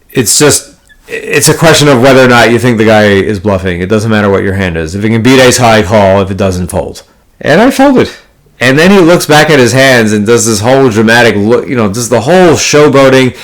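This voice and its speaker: A man telling a poker story in a casual, blunt, profanity-heavy monologue, full of card jargon and rambling restarts. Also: lowish voice. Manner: profane, blunt, exasperated ranting. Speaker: poker player vlogger.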